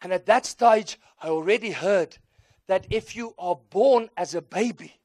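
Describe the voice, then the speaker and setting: Man, South African accent, native Afrikaans speaker, animated sermon storytelling, dry close sound. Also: high voice, unhurried, no room sound. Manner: animated storytelling, acting out voices and mixing in Afrikaans phrases. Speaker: preacher.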